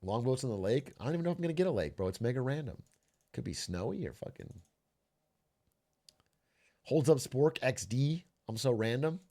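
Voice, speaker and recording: This young streamer has an expressive, dark-toned mid-range voice, speaking a little fast and pausing often. Playing a strategy game over faint music, he chats casually, jokes and swears, repeating himself as he coaxes himself through nervous moments.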